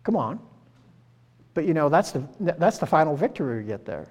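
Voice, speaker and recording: In a long church-hall reverb, a man in his sixties preaches a conversational, folksy sermon full of rhetorical questions, peppered with "right?" and "you know." His voice sits on the high side, with a sing-song lilt, a darkish tone, and normal speed.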